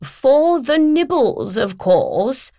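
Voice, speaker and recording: Pompous bossy lady agent on the phone, loud and high and talking down at you, woman reading it as a storybook voice. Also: very animated, moderate pace, dry recording, studio quality. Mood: brisk, imperious. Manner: bellowing, overbearing, condescending. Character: pushy, pompous female literary agent.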